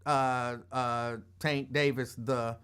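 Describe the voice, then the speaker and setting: A man hosting a casual sports talk, explaining his view in a measured way. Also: mid-range voice, level tone, fairly bright tone, clear, resonant tone. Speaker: host.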